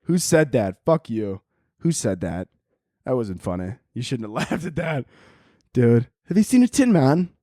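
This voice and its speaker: A man's voice: mid-range voice, sing-song, measured pace, dark tone, no echo, studio quality. A young man hosting a podcast in casual, rambling chat, joking and swearing a lot. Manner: profane, jokey, rambling. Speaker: podcast host.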